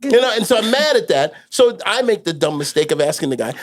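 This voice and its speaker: A man's voice: high voice, sing-song, fast talker. A man from New York City, a podcast co-host, telling a rambling story full of restarts. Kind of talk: casual storytelling chat.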